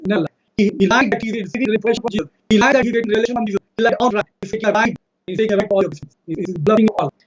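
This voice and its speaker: A man with an Indian accent arguing in a fast, insistent debate monologue, citing verses and repeating his points. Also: sits high, slightly rough, low-quality recording. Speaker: religious debater.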